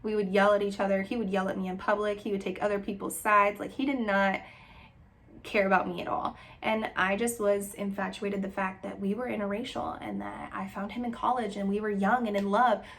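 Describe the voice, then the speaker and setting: A woman's voice: mid-range voice, flat delivery, fairly quick, creaky. A woman in her twenties from Texas, telling a personal story in a candid, emotional, rambling way. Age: 20s. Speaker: vlogger.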